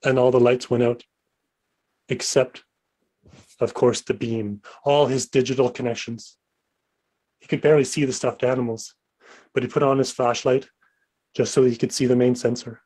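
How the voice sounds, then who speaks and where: Man, mid pitch, improv player, playful suspenseful storyteller. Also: little pitch movement, moderate pace, long pauses, dark tone. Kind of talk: explaining a game, then telling a spooky story.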